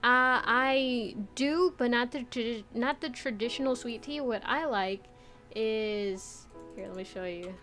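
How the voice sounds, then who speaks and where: A young woman from the Midwest streaming a casual chat, animated and chatty, laughing often as she reads chat aloud. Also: fairly high pitch, unhurried, soft background music. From Midwest United States.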